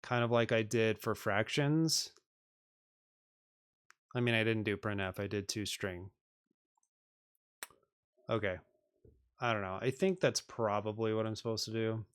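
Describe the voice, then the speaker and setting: A man's voice: fairly low pitch, measured pace, long pauses, clear, resonant tone. A man on a live stream working through programming exercises, reading them aloud and joking with viewers in a self-deprecating way.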